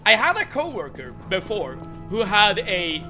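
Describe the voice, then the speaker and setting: A man's voice: high-pitched, wildly swooping pitch, unhurried, bright, forceful tone. A young man with a Swedish accent, casually chatting while streaming a game, stumbling and repeating words as he starts sentences. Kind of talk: casual gameplay chat. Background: game music.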